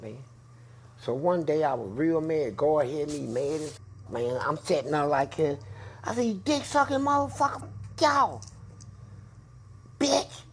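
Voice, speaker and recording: A man in an interview telling prison stories in a loud, profane way, acting out voices. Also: a little hiss or hum. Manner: profane, acts out voices with big pitch jumps. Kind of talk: animated storytelling.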